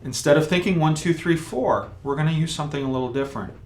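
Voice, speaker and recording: A man with a higher, darkish voice talks at a quick pace while teaching beginner trumpet in an instructional video. He walks through it patiently step by step, vocalizing the rhythms as he goes.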